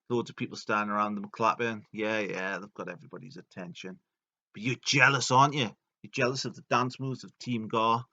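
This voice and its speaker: Man, comedic storyteller, bright forceful tone, slightly dull lo-fi sound. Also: fairly low pitch. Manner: jokey, puts on silly voices for quoted characters. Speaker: video narrator.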